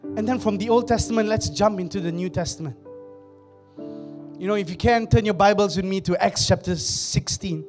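High-voiced man preaching a casual sermon. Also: normal speed, soft background music. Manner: conversational, laughs often, acts out quotes. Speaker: pastor. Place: church.

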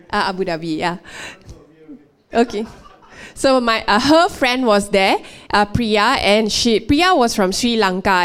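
Woman giving a church testimony, slightly high and smooth, hesitant storyteller.

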